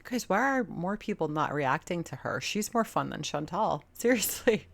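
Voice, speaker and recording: A woman's voice: lowish voice, expressive, normal speed, vocal fry, noisy background. A woman hosting a reaction video, talking bluntly and sarcastically and swearing often. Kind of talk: casual commentary.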